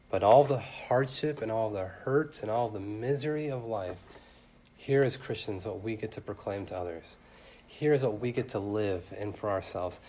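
A young man preaching a sermon earnestly, his voice swelling loud and then dropping soft. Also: fairly low pitch, normal speed, slight background noise.

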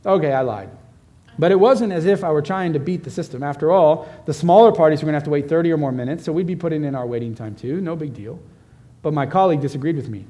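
Male pastor, a touch high-pitched, animated sermon storyteller. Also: quick pace. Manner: animated storyteller who turns quiet and gentle at the close.

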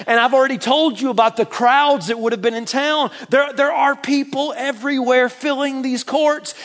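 Male pastor, Southern US accent, high-pitched, emphatic sermon delivery with playful asides. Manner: emphatic, jokey, swings between loud and soft.

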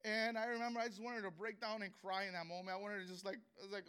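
High, bright-voiced man telling a testimony. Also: level tone, clear, resonant tone. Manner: earnest and emotional, halting with many restarts. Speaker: speaker sharing a personal testimony. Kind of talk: emotional spoken testimony.

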